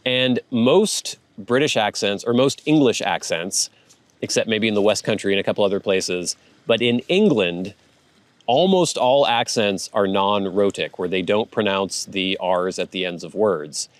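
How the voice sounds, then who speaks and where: A rambling, chatty man with a somewhat low voice hosts a casual show and reads viewer comments aloud. He laughs often and wanders from point to point. The recording is dry and close, with no room sound. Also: a little slow, no echo. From United States. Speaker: host reading viewer comments. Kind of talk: casual chat.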